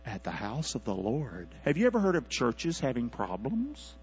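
A man preaching a sermon as pastor, calling out for responses from his congregation and swinging from quiet asides to loud, high-pitched exhortation. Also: normal speed, breathy edge. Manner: calls for congregation responses, animated rising delivery. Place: church sanctuary. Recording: dull lo-fi church recording with mains hum.

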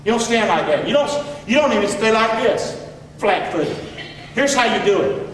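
An American pastor preaches an emphatic sermon, urging his congregation to answer back. His high, expressive voice is fairly bright and moves at normal speed, with a little hiss or hum, captured from far off in an echoey hall.

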